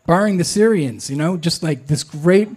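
A man telling a true personal story, candid and self-deprecating, often pausing and restarting. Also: on the high side, expressive, darkish tone, husky.

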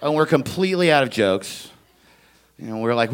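A young man doing stand-up, telling a story with lots of energy, shouting out other people's lines and laughing as he goes. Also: mid-range voice, normal speed, clean tone. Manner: animated, shouts kid voices, laughs at own story. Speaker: stand-up comedian.

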